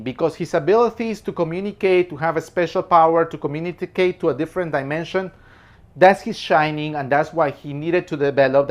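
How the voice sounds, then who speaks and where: A man giving a casual, opinionated film commentary. He talks emphatically, keeps apologizing, repeats himself and laughs between points. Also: on the high side. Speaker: movie reviewer.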